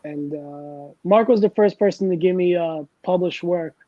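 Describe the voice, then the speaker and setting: A man's voice: high-pitched, normal speed, dark tone, dry recording, highs cut off. A man hosting a casual chat and telling long, rambling, self-deprecating anecdotes, wired on coffee. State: over-caffeinated. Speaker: host.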